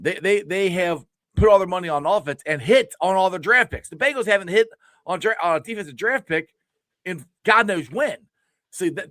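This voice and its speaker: A man hosting a casual sports talk show, animated, repeating words as he talks over a remote call. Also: high voice, no echo, clean studio sound. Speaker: podcast host.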